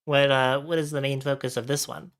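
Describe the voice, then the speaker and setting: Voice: medium pitch, flat delivery, fairly quick. A livestreamer chatting casually with viewers while setting up, a bit out of breath from allergies and thinking aloud.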